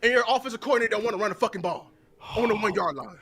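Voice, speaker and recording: A man's voice: high-pitched, rapid-fire, heavy background noise. A man and content creator delivering a heated, profane tirade during a live watch-party stream.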